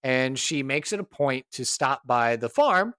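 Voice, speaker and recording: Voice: mid-range voice, expressive, unhurried, fairly bright tone, no room sound. A player describing their character's actions in a tabletop game, hesitant with many fillers.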